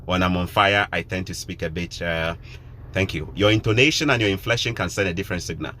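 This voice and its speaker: A man's voice: deep voice, a little fast, sharp tone, slight background noise. Emphatic Ghanaian man vlogging. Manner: emphatic, repeats points, preachy. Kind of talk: casual live-stream talk to viewers.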